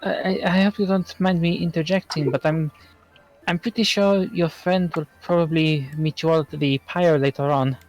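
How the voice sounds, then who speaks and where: A man's voice: on the high side, fairly even intonation, a little mellow, soft background music, natural voice, low-quality recording. A man voicing a shy, flustered young female kobold who stammers politely and hesitates often. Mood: timid. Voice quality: stammering, halting. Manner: timid and polite, full of hesitant fillers.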